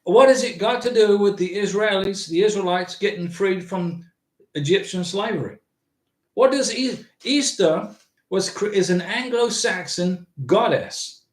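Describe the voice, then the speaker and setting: A man's voice: sits high, lively intonation, measured pace, reverberant. A man hosting a casual livestream, rambling and answering viewers' chat comments. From United States. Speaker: livestream host.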